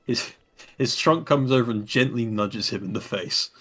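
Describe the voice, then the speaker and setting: A man playing a tabletop role-playing game, speaking slowly and deliberately. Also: mid-range voice, heavy background noise. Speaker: player.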